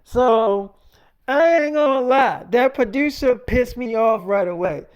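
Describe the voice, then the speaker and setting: A man's voice: extremely high pitch, unhurried, smooth. A man telling a long made-up story in a casual, rambling way. He swears a lot and keeps saying "I'm like".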